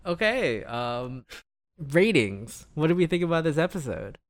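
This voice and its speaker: Lively, animated man on a podcast. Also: fairly high pitch, measured pace. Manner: animated, joking. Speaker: podcast co-host and editor. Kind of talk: casual chat.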